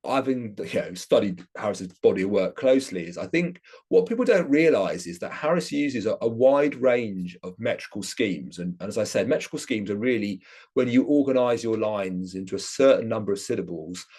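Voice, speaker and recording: A man's voice: lowish voice, lively intonation, a little fast, darkish tone, breathy edge. A man giving an academic lecture, explaining his subject with enthusiasm.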